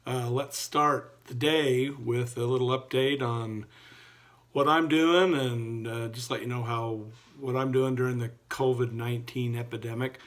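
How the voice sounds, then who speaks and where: A man's voice: medium pitch, unhurried. Middle-aged man teaching a recorded class. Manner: relaxed, folksy, many "uh" fillers. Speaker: entrepreneurship teacher. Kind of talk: recorded online class update.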